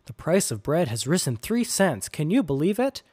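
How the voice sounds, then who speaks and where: A man's voice: on the high side, big pitch swings, normal speed, darkish tone, husky, no echo, studio quality. A man voicing a casual male customer chatting from the barber's chair.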